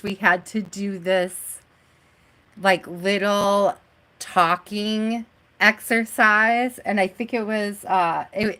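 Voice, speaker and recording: A woman's voice: mid-range voice, sharp tone. A woman hosting a live tarot stream who reads out card meanings, then chats loosely, laughs often and greets viewers by name. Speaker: tarot reader.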